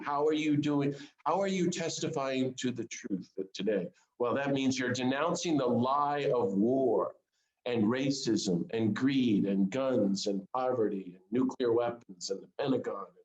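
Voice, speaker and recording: A man's voice: medium pitch, a little mellow, reverberant, low-quality recording. A man giving an informal sermon to a small group, earnest and conversational, putting direct questions to his listeners. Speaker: speaker of a Lenten series.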